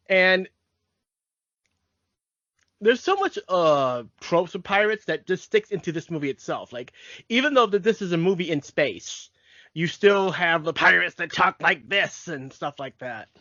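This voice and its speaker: This man co-hosts a nostalgic podcast, chatting casually and rambling, often restarting his sentences. His voice sits high with a sharp tone. The recording is dry and echo-free, made on a dull lo-fi podcast mic.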